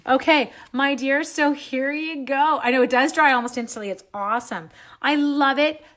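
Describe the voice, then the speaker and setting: A Canadian woman hosts a live card-stamping stream, chatting as she works and thanking viewers by name. Her voice is high with a moderate pace, and she's chatty throughout this craft demo, warmly calling viewers "my dears."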